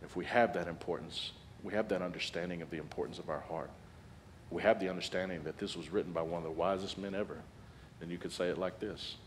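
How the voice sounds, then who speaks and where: A man in his forties preaching a sermon as a guest speaker, animated and humorous, building to loud peaks. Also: deep voice, a little hiss or hum. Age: 40s.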